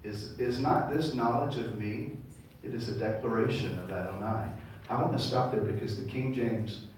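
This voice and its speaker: A man's voice: medium pitch, normal speed, a little mellow, a little hiss or hum. A man preaching a sermon as a rabbi, leading call-and-response with his congregation. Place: large congregation hall. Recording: echoey hall, mic far off.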